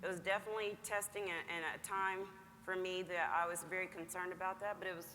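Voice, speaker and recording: A woman Marine speaking on a panel, recounting her experience in a steady, measured, reflective way. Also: on the low side. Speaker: Marine master gunnery sergeant panelist. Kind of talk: panel answer, personal account. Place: large conference hall. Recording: long hall reverb with faint noise.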